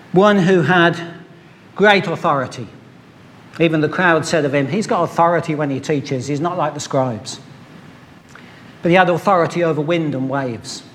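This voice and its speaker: A man preaching a sermon, opening with a told story and acting out its voices with measured pauses. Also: fairly high pitch, a little hiss or hum.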